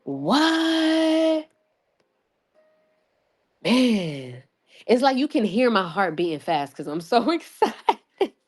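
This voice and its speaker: A woman hosting a casual livestream, excitable and rambling, swearing freely and laughing often, with many restarts. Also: medium pitch, moderate pace, faint music behind. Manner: rambling with frequent restarts and fillers. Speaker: livestream host.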